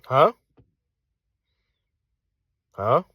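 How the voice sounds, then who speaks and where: A man delivering a combative monologue, repeating his phrases and firing off rhetorical questions, sometimes dropping to a hushed tone. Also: very slow, no echo, studio quality. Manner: drops to hushed tone at times. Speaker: commentator. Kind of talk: ranting monologue.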